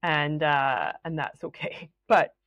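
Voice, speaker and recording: The audio is dull, and the speaker is a woman from Scotland with a low voice and slow pace. She hosts her podcast alone, telling stories chattily with plenty of laughter and acted-out quoted voices.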